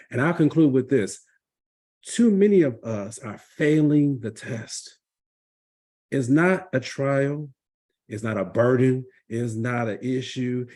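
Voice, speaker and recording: A middle-aged man giving earnest, emphatic closing remarks at a summit, with many filler pauses. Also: medium pitch, warm tone. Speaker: summit speaker.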